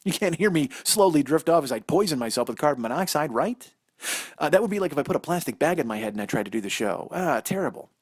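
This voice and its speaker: A man's voice: on the high side, animated, fast, husky, dry recording, clean studio sound. A man in his forties hosting a solo comedy podcast from indoors in a house, rambling and swearing as he mocks himself. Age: 40s. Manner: rambling, profane, self-mocking. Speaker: podcast host. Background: dog barking.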